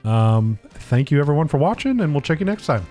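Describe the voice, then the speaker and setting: A man's voice: fairly high pitch, very animated, fairly quick, a little mellow, soft background music. A man co-hosting a casual gaming podcast, laid-back and hesitant, with many ums and restarts. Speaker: podcast co-host.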